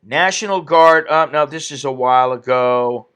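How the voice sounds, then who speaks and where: A man's voice: mid-range voice, normal speed, fairly bright tone, smooth. A man hosting an opinionated commentary stream, ranting indignantly and reading viewer comments aloud. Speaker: political commentary host.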